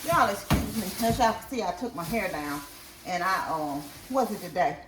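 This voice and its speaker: Unpacking groceries at home, a woman vlogs in a chatty way, speaking directly to her viewers. Her voice is medium-pitched and moderately paced, and she's far from the mic in an echoey room with some background noise.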